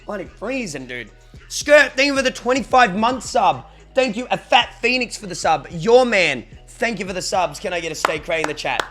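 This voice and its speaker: A man's voice: sits high, very animated, normal speed, bright, forceful tone, faint music behind. Chatty Australian man, casual streamer. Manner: loose and chatty, swears, thanks viewers for subs. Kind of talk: casual live-stream chat.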